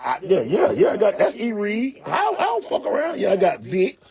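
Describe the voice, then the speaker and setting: A man's voice: high voice, huge pitch swings, normal speed, gravelly, a little mellow. A man from Miami ranting and pleading on a livestream about his sneaker collection, exasperated, profane and repetitive. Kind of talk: emotional livestream rant.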